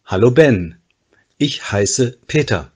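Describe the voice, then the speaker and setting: A man reading the part of a forty-year-old making small talk in a textbook dialogue, with a husky voice. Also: medium pitch, lively intonation, voice pushed up. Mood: friendly. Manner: very slow, careful textbook dialogue.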